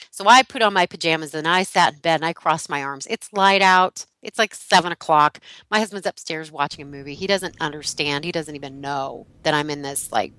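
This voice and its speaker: An animated middle-aged woman who laughs often and acts out the voices in her story. Her tone is bright and forward, and it is recorded close and dry with no room sound. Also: deep voice, dry recording, poor audio. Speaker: guest, relationship teacher. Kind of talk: storytelling in a podcast interview.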